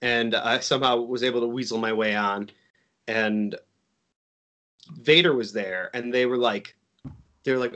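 Man, casual podcast chat, rambling, filler-heavy, middle pitch. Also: moderate pace, long pauses, bright, forceful tone. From Chicago. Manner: rambling, many likes and restarts. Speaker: podcast guest, wrestler.

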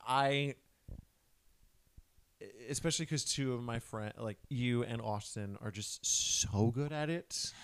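A man's voice: medium pitch, slow, fairly bright tone, smooth. A man co-hosting a podcast in casual chat, swearing freely, laughing, and restarting his sentences often. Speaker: podcast co-host.

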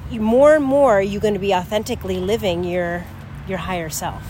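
A woman's voice: mid-range voice, brisk, a little mellow, slight background noise. Reflective woman, spiritual chat. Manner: reflective, thinks aloud, asks questions. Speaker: co-host. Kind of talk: spiritual discussion.

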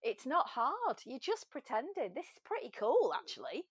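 A woman's voice: high voice, huge pitch swings, moderate pace, husky, no room sound. An English woman chatting animatedly as a podcast guest, telling stories and slipping into little voices. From England. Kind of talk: casual chat.

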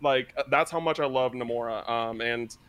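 A man co-hosting a gaming podcast, rambling like an excitable fan, often restarting his sentences. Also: mid-range voice, moderate pace, smooth, no room sound. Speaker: podcast co-host. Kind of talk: casual chat.

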